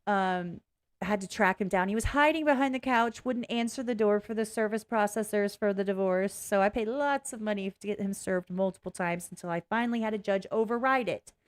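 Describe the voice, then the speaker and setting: A woman's voice: medium pitch, brisk. A woman talking frankly and bluntly as the host of a reaction video, rambling, swearing and interrupting herself. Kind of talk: casual personal commentary.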